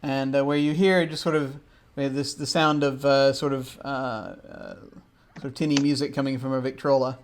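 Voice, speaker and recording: A man running a tabletop game as game master, narrating with lots of pauses and fillers. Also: mid-range voice, flat delivery. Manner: hesitant, many fillers.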